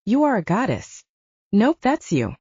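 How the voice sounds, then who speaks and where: A woman's voice: mid-range voice, wildly swooping pitch, measured pace, darkish tone, breathy edge, dry recording, highs cut off, voice pushed up, full character voice. A woman narrator voicing a blunt, bubbly, teasing young woman as the best friend in an audiobook. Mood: playful.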